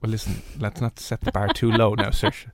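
A man's voice: on the low side, level tone, normal speed, no echo, studio quality. A man from Offaly with an Irish accent, hosting a radio show in casual, jokey chat and reading out the phone number. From Ireland, Offaly. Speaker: radio host. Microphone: studio microphone.

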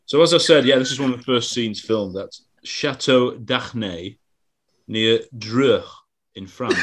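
A man's voice: medium pitch, slow pace. A man hosting a casual film chat, joking and laughing often. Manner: laughs often, animated and jokey.

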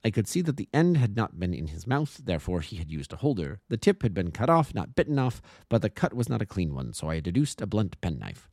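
A man reading as Sherlock Holmes, lively and warm. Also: lowish voice, a little fast, gravelly, few pauses, dry recording, studio quality, heavily acted. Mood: explaining. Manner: methodical, lecturing. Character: brilliant, precise male detective explaining deductions. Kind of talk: amateur audiobook reading.

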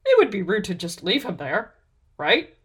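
A woman's voice: fairly high pitch, sing-song, measured pace, pitched above the performer's own voice. A woman voicing a tall, cheerful, absent-minded elf woman. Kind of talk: storybook character voice.

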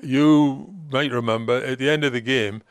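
A man's voice: medium pitch, fairly even intonation, moderate pace, clean tone, no room sound. An older man, a former football manager, telling rambling stories in conversation and acting out other people's lines. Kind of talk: anecdotal storytelling in conversation.

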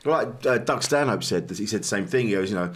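A man's voice: fairly low pitch, expressive, brisk, a little hiss or hum. A man hosting a podcast, chatting casually, agreeing eagerly and swearing freely. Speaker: podcast host. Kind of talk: casual chat.

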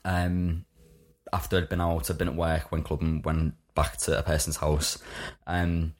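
A man's voice: rumbling low, monotone, a little slow. A man and podcast guest, telling a candid personal story in a chatty way with lots of "like" fillers. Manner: chatty, frequent "like" fillers, laughing through anecdotes.

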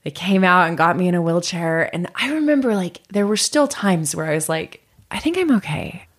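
A woman's voice: fairly low pitch, brisk. A woman telling a personal story in casual chat, acting out the voices of the people in it. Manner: animated, acts out voices in her story.

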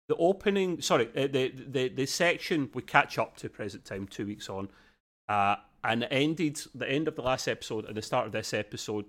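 With a medium, somewhat bright voice, this Australian man co-hosts a podcast, giving a rambling, excited review chat packed with fillers and restarts.

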